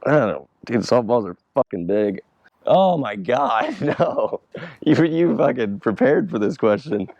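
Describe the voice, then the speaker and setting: A man's voice: medium pitch, lively intonation, unhurried, creaky, a little mellow, no echo, muffled recording. A young man in casual chat, answering fan questions about skateboarding in a loose, rambling way, swearing freely and laughing often.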